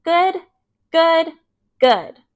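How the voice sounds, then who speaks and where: A babyish toddler boy, as a woman reading a bedtime story acts him out squeals his words in a very high, sing-song voice. He stretches out his babyish words. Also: lively intonation, very slow, full character voice. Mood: gleeful.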